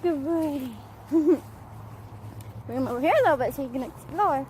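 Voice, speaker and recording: A woman's voice: high voice, animated, brisk, darkish tone, slight background noise, low-quality recording. A young woman vlogging with her service dog at a park, talking casually into a handheld phone, laughing often and calling praise to the dog. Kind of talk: casual vlog narration. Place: outdoors at a park. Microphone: handheld phone camera.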